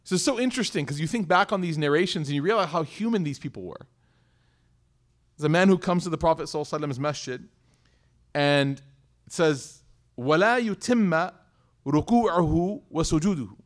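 Animated man giving a lively sermon. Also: on the high side, very fast. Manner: animated, conversational, asks the audience questions; acts out little dialogues in voices. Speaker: Islamic teacher.

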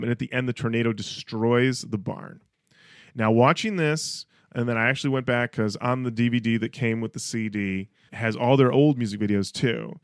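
A man co-hosting a podcast in casual chat, retelling scenes with animated little voices. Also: mid-range voice, dry recording, clean studio sound. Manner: animated storytelling, acts out bits. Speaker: podcast co-host.

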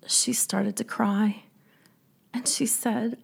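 A middle-aged woman shares a personal story with quiet emotion and often sinks to a whisper. Her voice is husky, with a gravelly fry and a mellow, dark tone. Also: mid-range voice, steady tone, a little slow, long pauses. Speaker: speaker and coach.

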